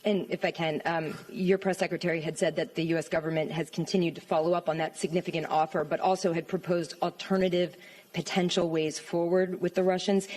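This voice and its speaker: A woman radio reporter puts formal questions at a press conference. Her voice sits on the low side, and she delivers her questions briskly and directly. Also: darkish tone.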